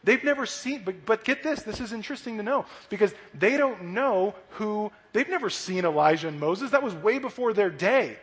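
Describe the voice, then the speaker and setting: A man teaching kids at church in a lively, animated sermon that keeps checking in with "right?" and acts out little voices. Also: high-pitched, normal speed, hardly any pauses. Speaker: children's church pastor. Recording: long hall reverb.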